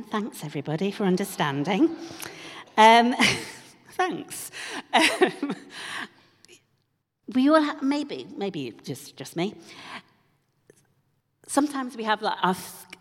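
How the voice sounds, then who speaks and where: A woman preaching a sermon, slow and unhurried, her pitch rising and falling with lively animation. She drops playful asides to the congregation, and her voice carries a long reverb from the church hall. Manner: humorous, conversational asides.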